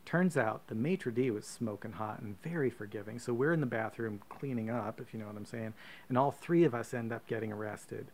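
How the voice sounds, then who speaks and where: A man co-hosting a podcast, reading a profane, comic choose-your-own-adventure story aloud with deadpan asides. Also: medium pitch, fairly quick. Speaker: podcast co-host.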